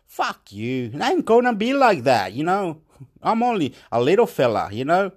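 Excitable man, rambling and swearing. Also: sits high, normal speed. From Chile. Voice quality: rough profane rant with broken English. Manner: excitable, repetitive, swings loud and soft. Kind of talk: rambling monologue.

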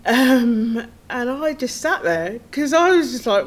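A woman's voice: a little high, very animated, slow pace. A middle-aged woman, a podcast guest telling her own story in an earnest, tumbling way, with nervous laughs. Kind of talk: personal storytelling.

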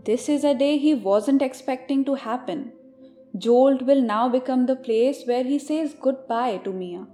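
A woman narrating a short story in a measured, expressive storytelling way. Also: a little high. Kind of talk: scripted audiobook narration. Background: soft music.

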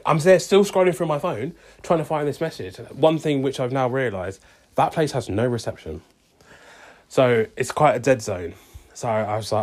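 Here a young man's mid-range, somewhat mellow voice carries a long, casual story. He plays both parts of a conversation, leaning heavily on "I was like" and "she's like."

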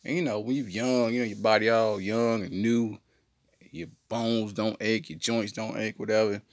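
A man telling a comedic story on a podcast in an animated, slangy way. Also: on the low side, normal speed, no room sound, studio quality. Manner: animated, slangy, jumps into voices. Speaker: podcast co-host.

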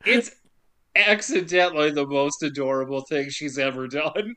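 A man's voice: fairly high pitch, normal speed. A man co-hosting a casual podcast, recapping a movie with lots of laughter and acted-out quotes. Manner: animated, laughs often, acts out quotes. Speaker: podcast co-host.

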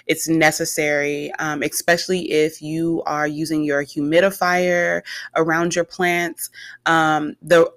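A woman hosting a podcast in casual chat, chatty and quick to affirm her guest. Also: sits low, a bit bright, no room sound. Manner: chatty, lots of affirming yeses. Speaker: podcast host.

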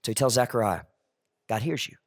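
A man preaching a sermon, animated and joking, acting out the characters he quotes. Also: mid-range voice, fairly quick. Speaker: pastor.

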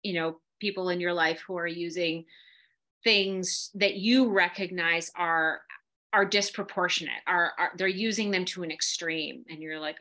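A woman guest in a casual conversation, talking in an animated way with quick asides and laughter. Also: fairly low pitch.

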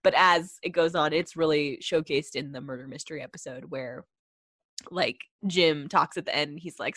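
Woman, lower register, casual rambling co-host, dry close mic. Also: moderate pace, a bit bright, no room sound. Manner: rambling, laughs often, many fillers. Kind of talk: casual chat.

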